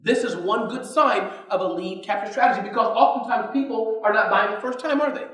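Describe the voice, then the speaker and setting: Energetic man speaking in an echoey hall. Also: high voice, brisk. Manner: energetic, keeps quizzing the audience. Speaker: conference speaker. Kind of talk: motivational business talk. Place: conference hall. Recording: echoey hall, distant mic.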